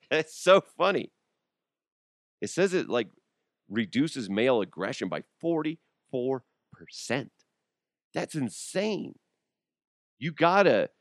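A man's voice: medium pitch, a bit bright, no echo, studio quality. A middle-aged man hosting a radio show in a casual comedic chat, rambling and joking with frequent laughs.

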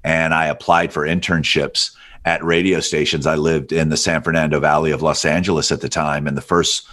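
A middle-aged man from Alabama with a rich, deep voice, telling stories as an interview guest. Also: brisk. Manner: relaxed storyteller with a deep radio-style voice. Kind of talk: storytelling interview.

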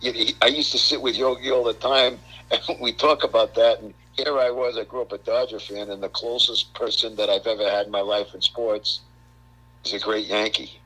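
An older man from Brooklyn, a guest on a radio talk show, telling animated stories and stumbling over repeated words. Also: on the low side, moderate pace, slightly rough, low-quality recording. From Brooklyn, New York. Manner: animated storyteller, repeats words, acts out quotes. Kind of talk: casual radio chat.

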